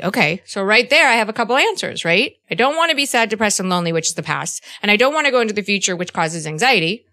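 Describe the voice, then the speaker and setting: A woman in her fifties with a bright, clear voice and a middle pitch, hosting a relaxed podcast chat. She speaks earnestly and haltingly, stumbling over her starts, then slips into acted-out quotes. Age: 50s. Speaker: podcast host. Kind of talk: casual conversation.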